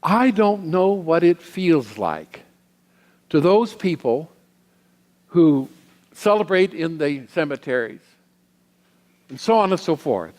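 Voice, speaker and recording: A man's voice: on the high side, big pitch swings, a little mellow. Reflective male minister in a reverberant hall. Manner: reflective, personal storytelling with pauses. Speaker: guest minister. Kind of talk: sermon.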